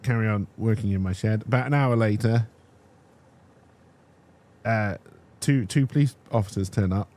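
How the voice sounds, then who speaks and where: A young man telling a casual personal story as a streamer, animated and restarting his sentences, checking in with "right?". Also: on the low side, moderate pace, long pauses.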